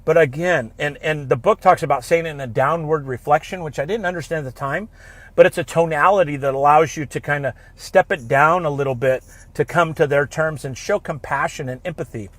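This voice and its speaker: A man telling a story in an animated way, acting out both sides of a phone conversation. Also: on the high side, a little fast, dry recording. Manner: acts out both sides of the dialogue, with small restarts. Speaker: guest telling a negotiation story.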